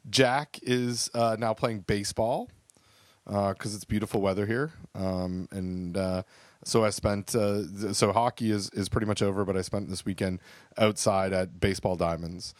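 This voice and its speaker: A man's voice: fairly low pitch, steady tone, moderate pace, no echo. A man co-hosting a podcast, chatting casually and rambling with lots of fillers and restarts. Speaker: podcast co-host.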